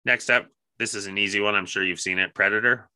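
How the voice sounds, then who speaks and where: A man with a sharp, very bright, forceful voice, chatting casually on a podcast. He sounds enthusiastic and swears freely, and the recording is dry and close, with no room sound. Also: on the low side, steady tone, fast talker, smooth, no echo. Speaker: podcast co-host. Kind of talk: casual chat.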